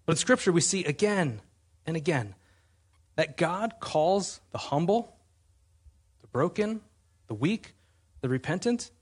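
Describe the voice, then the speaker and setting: Pastor, male, fairly high husky voice, earnest emphatic sermon delivery. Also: big pitch swings, unhurried, pauses often. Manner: earnest, emphatic preaching with rhetorical questions.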